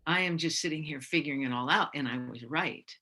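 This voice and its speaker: A woman's voice: low-pitched, quick pace, sharp tone. A woman improvising an evasive, overthinking computer scientist who rambles and trails off, on a live stage. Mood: defensive. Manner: rambling, trails off, many fillers. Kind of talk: live improvised romantic comedy scene. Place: theatre stage.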